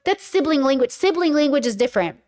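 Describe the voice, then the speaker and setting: A woman with a high voice talks straight to her viewers in a loose podcast monologue. She speaks frankly, swears casually and fills her sentences with "like". She slips into quoted lines as she makes her points. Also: expressive, fast talker, darkish tone. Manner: chatty, frank, many fillers, acts out quoted speech. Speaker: podcast host.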